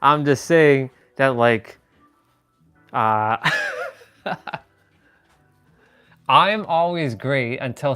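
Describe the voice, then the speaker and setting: A man's voice: medium pitch, a bit bright, clear, resonant tone. Exasperated rambling young man. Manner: rambling and exasperated, with frequent laughs and casual swearing. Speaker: livestream host. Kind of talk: casual livestream chat.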